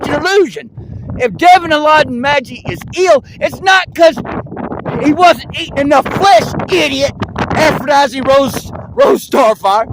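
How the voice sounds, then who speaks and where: A man's voice: very high-pitched, animated, measured pace, background noise. A man in a rambling, accusatory monologue, firing rhetorical questions at another creator and restarting his sentences often.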